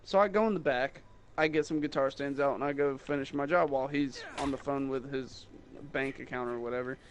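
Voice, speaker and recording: A man's voice: medium pitch, a little fast. Rambling young man telling a store story. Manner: rambling, animated, mocking. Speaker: guitar salesman. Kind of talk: casual storytelling.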